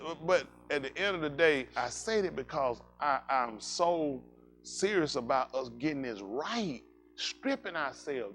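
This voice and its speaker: A male pastor preaching a sermon in casual vernacular, animated and joking with his congregation. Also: on the high side.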